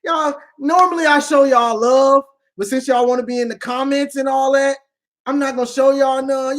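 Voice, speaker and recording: High-voiced trash-talking sports streamer. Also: male voice, moderate pace, fairly bright tone. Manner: trash-talking, laughing, slangy. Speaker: online sports commentator. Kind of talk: casual live Q&A.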